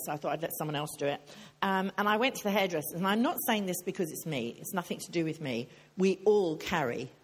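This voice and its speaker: A woman's voice: fairly low pitch, breathy edge. An older woman preaching a sermon in a chatty, joking way, putting questions to her audience.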